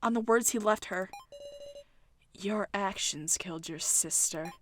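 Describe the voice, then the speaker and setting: A woman's voice: medium pitch, a little slow, a little hiss or hum, close to an everyday voice. A woman voicing an earnest young man in a game, speaking firmly and pleading. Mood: stern. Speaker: game character.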